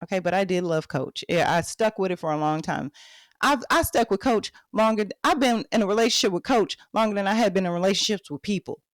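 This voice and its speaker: A woman's voice: mid-range voice, a little fast, dry recording, studio quality. A woman in her thirties with a Texan accent, hosting a podcast and telling her life story candidly, speaking straight to her listeners. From Texas. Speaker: podcast host. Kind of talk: personal storytelling monologue.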